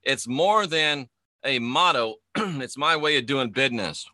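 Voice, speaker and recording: A man's voice: medium pitch, lively intonation, a little slow, sharp tone, no room sound, studio quality. A middle-aged man, a spiritual teacher and former minister, delivering an emphatic monologue full of repetition and rhetorical questions. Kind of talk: preaching-style video monologue.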